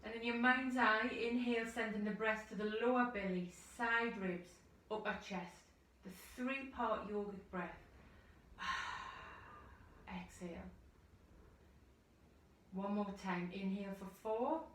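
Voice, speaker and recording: A woman yoga teacher from the United Kingdom, guiding a class through slow, soothing breathing cues and audible sighing breaths. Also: medium pitch, fairly even intonation, fairly bright tone, a little hiss or hum. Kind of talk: guided yoga instruction. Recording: echoey room, voice from far off the mic.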